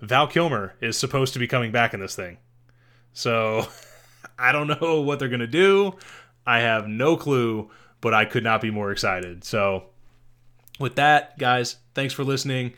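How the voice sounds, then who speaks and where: A man's voice: medium pitch, animated, measured pace, pushed and bright. A man co-hosting a podcast, giving casual, rambling movie recommendations and correcting himself as he goes. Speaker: podcast co-host.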